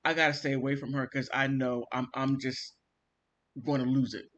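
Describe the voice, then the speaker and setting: A man vlogging, telling a family story in an animated, theatrical way and acting out the quotes. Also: medium pitch, normal speed, lo-fi sound. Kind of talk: casual storytelling monologue.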